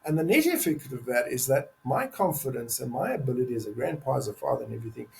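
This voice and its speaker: A man's voice: mid-range voice, very animated, fast talker, vocal fry, slight background noise, low-quality recording. An older man speaking as a podcast guest, earnest and emphatic, repeating key words for stress in candid conversation. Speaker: podcast guest, men's advocate.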